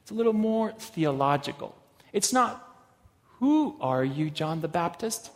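A man with a high voice preaches slowly and with emphasis, reading scripture between his own remarks. His voice rings with a long echo, as in a large hall. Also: big pitch swings. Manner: slow, emphatic preaching with swings in loudness.

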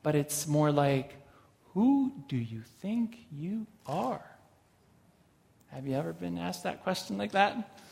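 A man preaching a sermon and reading scripture, slow and emphatic, with sudden rises in loudness. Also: fairly high pitch, sing-song, creaky. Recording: long hall reverb.

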